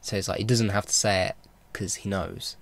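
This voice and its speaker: A man's voice: lowish voice, steady tone, fairly quick, creaky, no echo. A man vlogging a casual film recap, rambling and enthusiastic, with lots of fillers and restarts. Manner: enthusiastic fan talk.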